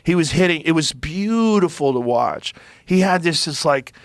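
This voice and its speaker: A man's voice: on the high side, moderate pace, no echo, clean studio sound. Middle-aged man telling a profane story. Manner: animated, profane, acts out quotes. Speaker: podcast host. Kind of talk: casual storytelling conversation.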